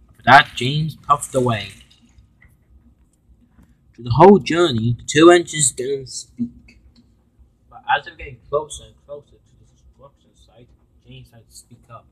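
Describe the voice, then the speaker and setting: A man narrating a fan-made train story in a halting way, with restarts and fillers. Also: a little high, fairly bright tone, husky, low-quality recording.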